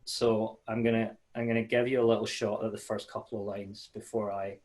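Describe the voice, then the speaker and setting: A malt sales manager gives a casual webinar over a video call, friendly and chatty, with plenty of fillers and restarts. His voice is fairly low and darkish, with a level tone and a slightly fast pace.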